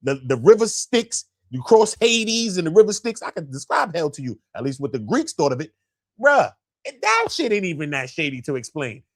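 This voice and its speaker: A man's voice: sing-song, moderate pace. A man hosting a live stream, reacting in casual slang with a lot of swearing. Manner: slangy and profane, with big swings of pitch.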